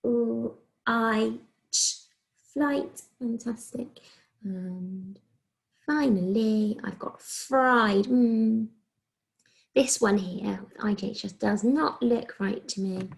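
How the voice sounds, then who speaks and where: This English-accented woman is a primary school teacher sounding out letters in a phonics video lesson for young children. She speaks slowly and clearly, with a mid-range voice and a steady tone.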